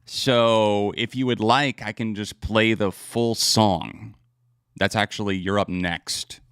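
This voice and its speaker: Slow, low-voiced streamer man. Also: clear, resonant tone, dry recording, clean studio sound. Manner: relaxed, rambling, laughs often. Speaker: streamer reacting to music. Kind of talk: casual live-stream chat.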